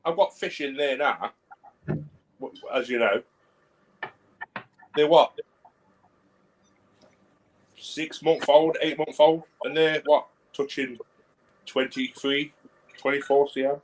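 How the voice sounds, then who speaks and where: A man chatting casually as a guest, halting and restarting as he talks. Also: medium pitch, fairly even intonation, poor audio. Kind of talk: casual chat.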